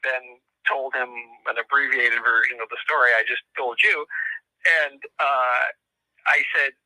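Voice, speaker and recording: A middle-aged man recounts a strange tale as an interview guest, stopping and restarting his sentences with many fillers. His voice is very bright and forceful, and it is recorded dry and close, with no room sound. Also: mid-range voice, fairly even intonation, dry recording, poor audio. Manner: halting, full of fillers and restarts. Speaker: guest author and lecturer. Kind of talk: casual storytelling interview.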